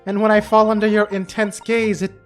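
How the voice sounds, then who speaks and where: A man voicing a bashful young woman defendant who speaks hesitantly and shyly, with a high voice for a man. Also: little pitch movement, a little fast, soft background music, natural voice. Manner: hesitant, shy.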